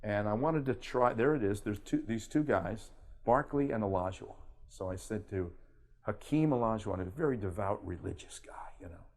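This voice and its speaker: Older man, animated storytelling guest. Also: fairly low pitch, moderate pace. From Miami. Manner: animated storyteller, does impressions. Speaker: guest, sports broadcaster. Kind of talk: casual storytelling interview.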